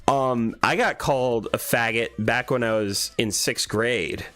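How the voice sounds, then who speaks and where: A man's voice: mid-range voice, unhurried. A young adult man hosting a casual livestream, reading chat aloud and laughing often as he tells stories. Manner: animated, laughs a lot, reads chat aloud. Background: faint background music.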